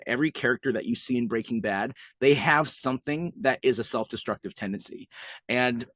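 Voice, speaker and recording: A man co-hosting a podcast, chatting casually in a rambling, animated way. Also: medium pitch, a little fast, no room sound. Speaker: podcast co-host. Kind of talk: casual chat.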